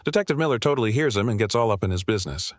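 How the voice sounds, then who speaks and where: Low-voiced gossipy recap narrator, man. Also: lively intonation, rapid-fire, no echo, clean studio sound. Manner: breathless, gossipy, heavy slang. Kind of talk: slangy scripted story recap.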